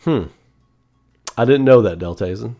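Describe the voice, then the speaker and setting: A man from the Southern United States chatting casually on a livestream, animated and rambling, answering chat and laughing often. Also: medium pitch, a little slow, soft background music. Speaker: online gaming commentator.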